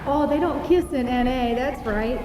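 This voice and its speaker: A woman's voice: high-pitched, moderate pace, heavy background noise. A woman giving a candid, self-deprecating personal testimony as guest speaker at a recovery meeting, joking between serious moments. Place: meeting hall. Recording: echoey hall, dull muffled sound.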